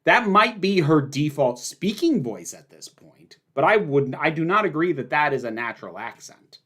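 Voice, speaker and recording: Male streamer host, emphatic and opinionated, lively up-and-down delivery. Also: on the high side, normal speed, husky. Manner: opinionated, emphatic, rambling with fillers. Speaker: livestream host answering viewer questions. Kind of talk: casual livestream chat.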